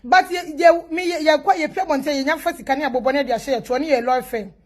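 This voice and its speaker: A woman's voice: high voice, quick pace. A woman with a Ghanaian accent in a blunt, preachy casual monologue that switches between pidgin and Twi.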